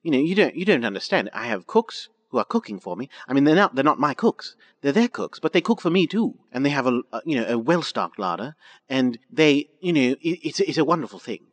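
A man's voice: medium pitch, big pitch swings, a little fast. Stammering, aggrieved man in comedy chat.

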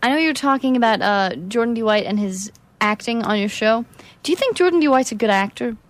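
A woman's voice: a little high, expressive, fast, a little hiss or hum. Brief: woman co-host asking questions, faint clicks behind.

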